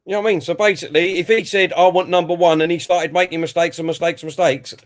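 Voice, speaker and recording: A man's voice: fairly high pitch, fairly even intonation, fast talker. A man co-hosting a football watch-along stream, giving live commentary and reading out viewer comments before giving his own view. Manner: chatty, reads out chat messages and then gives his view.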